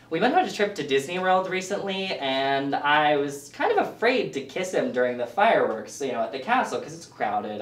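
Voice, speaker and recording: A man performing a self-deprecating stand-up set with deadpan asides for a small audience in a living room. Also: fairly high pitch, brisk, reverberant, recorded from a distance, heavy background noise. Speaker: stand-up comic.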